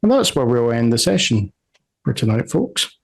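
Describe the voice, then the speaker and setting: A man's voice: mid-range voice, sing-song, moderate pace, vocal fry, low-quality recording. A man running a tabletop game as game master, narrating scenes in a rambling way and correcting himself often.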